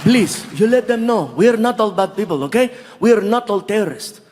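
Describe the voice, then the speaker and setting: A comedian voicing an emotional Saudi man with a put-on Saudi accent, pleading and halting, then teasing. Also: high voice, lively intonation, a little mellow, long reverb tail, a faint crowd. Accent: Saudi Arabian put-on.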